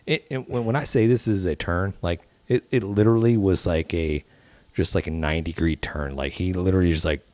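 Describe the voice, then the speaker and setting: A man's voice: sits low, brisk, darkish tone, no echo. A man with a Texan accent, co-hosting a casual podcast and telling rambling stories. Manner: rambling storyteller, mimics people in quotes. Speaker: podcast co-host. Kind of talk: casual chat.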